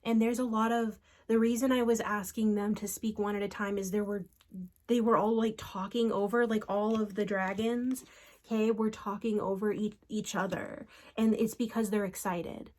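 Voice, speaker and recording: A woman giving a solo spiritual card reading, speaking in an earnest, unhurried way and calling out to unseen spirits. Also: mid-range voice, fairly even intonation, darkish tone.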